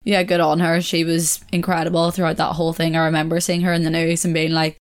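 Young female podcast host, somewhat low-pitched, loose chatty delivery that wanders and second-guesses itself. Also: completely flat delivery, fast, clean tone. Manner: rambling, chatty, corrects herself, laughs often. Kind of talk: casual solo podcast chat.

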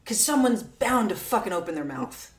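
A woman's voice: medium pitch, big pitch swings, moderate pace. A woman co-hosting a casual chat, blunt and emphatic, swearing often. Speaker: podcast co-host. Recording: roomy echo.

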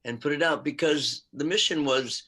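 A man's voice: fairly high pitch, moderate pace, bright, forceful tone. An older man, an actor and musician, chatting casually in an interview, rambling with asides and frequent laughs.

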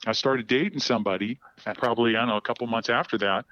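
A man giving a candid, halting account of personal events as a podcast guest, often repeating words as he goes. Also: mid-range voice, a bit bright, dry recording, lo-fi sound. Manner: halting, repeats words while telling a story.

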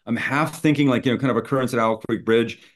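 A man's voice: medium pitch, fast. A middle-aged man, a screenwriter, telling a story in conversation and acting out both sides of old phone calls. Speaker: screenwriter guest.

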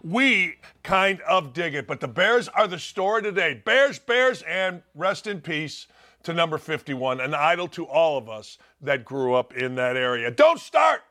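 A man's voice: a little high, big pitch swings, measured pace, pushed and bright. A man hosting a sports talk show, joking and opinionated with conversational asides. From United States. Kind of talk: casual sports commentary.

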